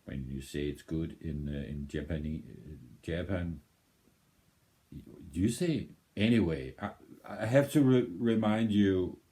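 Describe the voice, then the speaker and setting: Danish man hosting a reaction video; very low, mellow voice; unhurried, meandering delivery. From Denmark. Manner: rambling, thinks aloud with many restarts. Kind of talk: casual reaction commentary.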